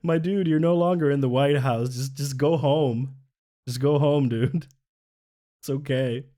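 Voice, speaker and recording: A man with a mid-pitched voice does casual live commentary on a stream. He is sarcastic and exasperated, swears freely and laughs often. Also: unhurried, mellow. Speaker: livestreamer.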